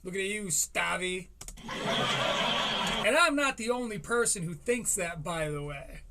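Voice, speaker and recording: A man's voice: high-pitched, expressive, measured pace, very noisy. A man in his thirties hosting a reaction commentary, rambling, swearing and laughing through asides. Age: 30s. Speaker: commentary host.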